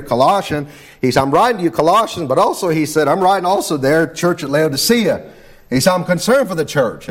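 A man preaches and prays aloud. His voice sits high. He keeps a fervent, repetitive cadence. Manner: fervent, repetitive preaching cadence, fillers of "amen" and "Lord God". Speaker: pastor. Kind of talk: sermon with spoken prayer.

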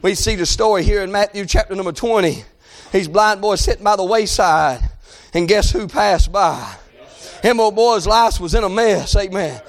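A man preaching a fiery revival sermon, shouting and chanting in a drawn-out preacher cadence. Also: sits high.

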